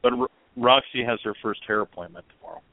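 A man's voice: medium pitch, fairly even intonation, quick pace, dry recording. A man co-hosting a motorcycle radio show, telling jokes in a loose, casual way with frequent restarts. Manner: joking, stumbling restarts. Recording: phone-like narrow band, dry.

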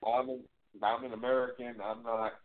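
A man's voice: mid-range voice, level tone, moderate pace, a crowd in the background. A man co-hosting a radio show, rambling through a story in easygoing casual chat. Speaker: radio co-host. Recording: tinny phone-like sound.

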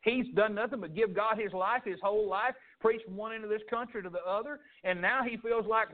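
A man's voice: high voice, fairly quick, few pauses. A man with a Southern US accent preaching a fervent sermon as pastor, often stumbling over repeated words as he pushes on. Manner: fervent preaching with frequent stammered restarts. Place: church sanctuary. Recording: tinny phone-like sound.

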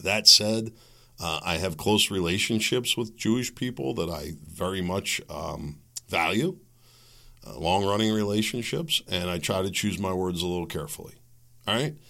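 A man's voice: low-pitched, moderate pace, vocal fry, pushed and bright. A man hosting his own podcast, ranting through solo political commentary and acting out the people he quotes. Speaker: podcast host.

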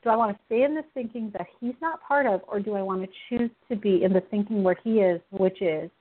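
On her Christian talk radio show, a fast-talking woman with a mid-range voice shares personal stories earnestly and with animation, laughing often. The audio sounds tinny, like a phone line.

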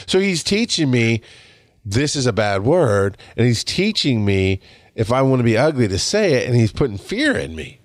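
Rambling, animated podcast host in his forties. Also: mid-range voice, moderate pace, no echo, studio quality. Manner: rambling, animated, frequent restarts and laughs. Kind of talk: casual storytelling monologue.

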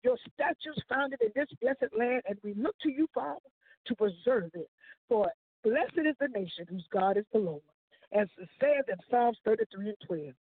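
A woman's voice: a little high, lively intonation, husky, dry recording. Woman praying fervently over a tinny phone line. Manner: fervent preacher's cadence, drawn-out phrases. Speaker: gospel radio show host. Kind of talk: spoken prayer on air. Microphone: phone call-in.

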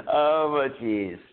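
A man's voice: on the high side, smooth, no echo. A man co-hosting a podcast, telling rambling, profane stories in casual chat. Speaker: podcast co-host. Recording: tinny phone-like audio with faint noise.

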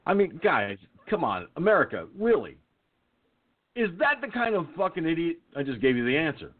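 A man's voice: on the high side, sing-song, moderate pace. Profane ranting male radio host. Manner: profane, blustering, repetitive. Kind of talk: ranting call-in talk show. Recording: thin phone-like line.

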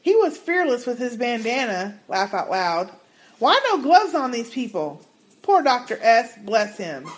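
A woman's voice: on the high side, sing-song, a little slow. A woman co-hosting a casual podcast, reading listener emails aloud and adding her own comments. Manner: reads emails aloud with asides and laughs.

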